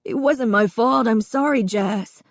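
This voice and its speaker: A man's voice: measured pace, dry recording, clean studio sound. A woman reading an audiobook, voicing a frightened young man who is crying and pleading in a raised voice. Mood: sobbing. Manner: high, tearful, pleading. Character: frightened young man, sobbing, burned hands.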